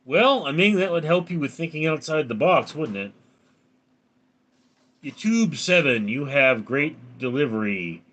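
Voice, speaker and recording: A man hosts a casual live stream, reading his viewers' comments aloud and replying to each one. His voice is round and resonant, with a bright, forward edge. His pitch swings freely as he talks. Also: lively intonation, a little slow. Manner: reads viewer comments aloud and answers them.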